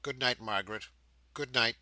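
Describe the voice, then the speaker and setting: Man voicing a dejected fallen man, subdued, weary, bright tone, audiobook. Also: mid-range voice, moderate pace, no room sound. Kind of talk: audiobook character reading.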